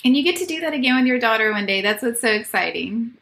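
A woman's voice: on the high side, animated, fast, gravelly, fairly bright tone. A woman hosting a podcast, reacting sympathetically and encouraging her guest. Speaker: podcast host. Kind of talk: casual interview chat.

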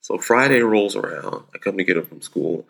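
A man's voice: low-pitched, expressive, moderate pace, gravelly, a bit bright. A man, a father in his thirties, telling a family anecdote casually with a wry, easygoing manner. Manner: wry, easygoing storytelling with frequent restarts.

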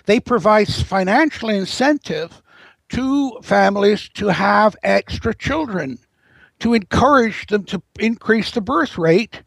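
Man, interview guest, high-pitched, long winding explanations, frequent restarts, dry close sound. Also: lively intonation, measured pace, vocal fry, a bit bright, dry recording, rough recording. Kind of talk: interview commentary.

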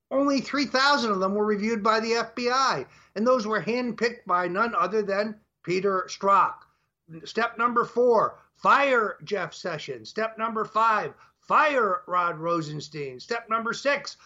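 A man's voice: high voice, bright, forceful tone. An older man as an interview guest, speaking emphatically and laying out his points one by one, on dull lo-fi audio. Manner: emphatic, lays out numbered points. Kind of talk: talk show interview.

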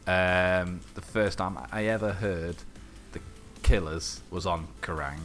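A podcast co-host chats casually, telling animated stories, swearing freely, and acting out the voices of the people he quotes. His voice is deep and his pace slow, with faint music in the background.

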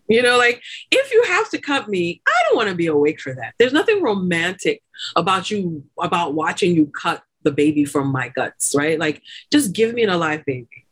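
A woman in a podcast interview tells her story with lively energy, full of fillers and quick laughs. Her voice sits at a middle pitch and she stacks one thought onto the next. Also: slightly rough. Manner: animated, many fillers like "like" and "you know", laughs often. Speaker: doula and lactation consultant guest.

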